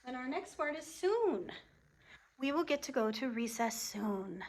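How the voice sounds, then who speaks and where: A woman teaching a classroom phonics lesson in an unhurried, carefully enunciated way. Her voice sits a little high, and she leads the class through sounds with steady, encouraging prompts. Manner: slow, clearly enunciated, encouraging teacher talk.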